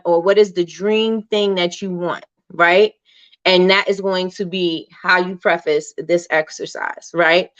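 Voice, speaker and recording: A woman's voice: medium pitch, no echo, lo-fi sound. A woman hosting a casual motivational livestream, chatty and encouraging, often asking "right?" and reading out viewer comments. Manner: reads viewer comments aloud. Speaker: livestream host.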